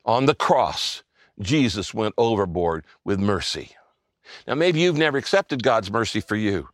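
Older pastor preaching with lively pitch. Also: male voice, no room sound, studio quality. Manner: conversational preaching, asks the listeners questions; drops to a soft hush on key phrases. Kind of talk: sermon.

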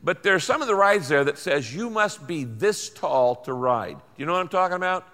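A man's voice: fairly high pitch, expressive, brisk, sharp tone, in a large hall. An older man preaching a sermon, folksy and emphatic, with lots of repetition. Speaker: pastor.

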